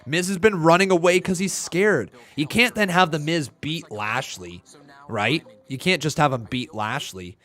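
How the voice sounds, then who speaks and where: An excitable man hosts a live stream, talking over the show with his chat. His voice sits a little high, and he slides easily from chatty analysis into playful outrage and shouted chants. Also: normal speed. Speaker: streamer and wrestling commentator. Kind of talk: live watch-along commentary.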